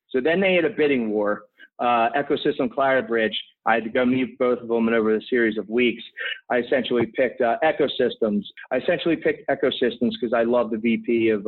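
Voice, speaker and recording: Man in his 30s from philadelphia, podcast guest, energetic rambling storyteller, mid-pitched voice, phone-like audio. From Philadelphia, USA. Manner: energetic, rambling, full of "you know" asides. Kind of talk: conversational interview storytelling. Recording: tinny phone-like line.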